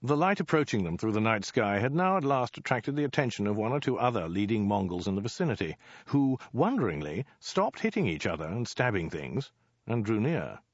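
A man reading a comic story aloud as narrator, in a dry, measured storytelling way. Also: fairly low pitch, very animated, no room sound, lo-fi sound.

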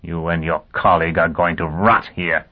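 A deep, husky male interrogator, suspicious and threatening, as a male narrator puts him on. The sound is tinny and thin, like it came over a phone line. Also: flat delivery, normal speed. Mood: menacing. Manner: accusing, threatening.

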